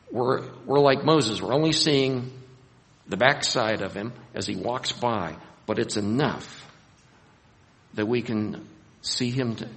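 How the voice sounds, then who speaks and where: A man preaching a sermon in a gravelly voice, his words ringing out with a long hall reverb. He is animated and acts out scenes, raising his voice for emphasis. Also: mid-range voice.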